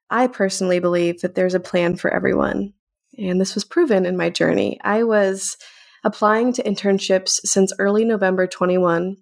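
A young woman talks casually and from the heart as a podcast host, sounding grateful and a little emotional. Her voice sits at a middle pitch with a noticeable gravelly fry. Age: young adult. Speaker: intern hosting a weekly podcast segment. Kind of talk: casual personal talk to camera.

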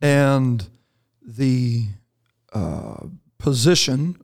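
A man's voice: medium pitch, big pitch swings, very slow, creaky, a little mellow. A man, a pastor co-hosting a Christian podcast, answering a listener's question thoughtfully and step by step. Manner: thoughtful, explains scripture step by step. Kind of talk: casual podcast chat.

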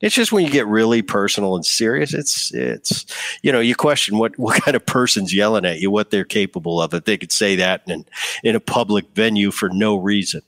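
Relaxed low-voiced man telling stories. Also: fairly quick, dry recording. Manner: relaxed storytelling with frequent restarts. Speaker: guest, former baseball player. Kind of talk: casual interview talk.

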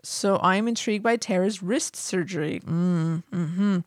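A woman's voice: on the low side, a little slow, no room sound, clean studio sound. A woman co-hosting a casual podcast, chatting and reading listener mail with frequent laughter. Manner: giggly, chatty, breaks into laughter often. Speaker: podcast co-host.

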